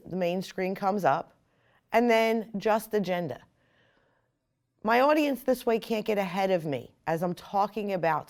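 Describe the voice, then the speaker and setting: A woman explaining software step by step in a screen-recorded tutorial. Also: medium pitch. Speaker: software instructor.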